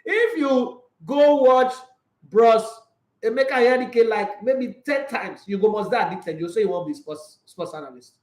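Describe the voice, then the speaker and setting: A Nigerian man with a high voice chats about sports on his own livestream. He is animated and laughs often, slipping between Pidgin and English. The sound is echoey, as if he is in a bare room. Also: unhurried. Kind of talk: casual sports chat.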